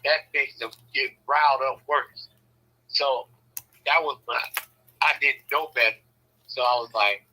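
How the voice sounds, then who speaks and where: A man from Southern California telling personal stories in a casual, animated way, swearing freely and acting out the voices he quotes. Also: mid-range voice, measured pace, long pauses, husky, rough recording. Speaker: speaker sharing personal stories. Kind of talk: casual storytelling.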